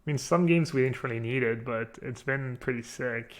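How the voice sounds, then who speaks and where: A man streaming a card game, chatting casually and thinking out loud while poking fun at himself. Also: mid-range voice, normal speed. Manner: chatty, self-mocking, thinks aloud. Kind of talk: casual live-stream commentary.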